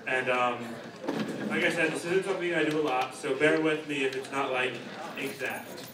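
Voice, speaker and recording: A young man doing a stand-up comedy set, offhand and deadpan with rambling asides. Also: medium pitch, normal speed, distant mic, background noise. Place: comedy stage in a hall. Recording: echoey hall, mic heard from afar.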